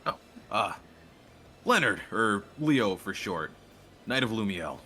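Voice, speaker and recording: Deep, lively man role-playing a knight. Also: takes it slowly, soft background music. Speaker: player. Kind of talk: tabletop game role-play.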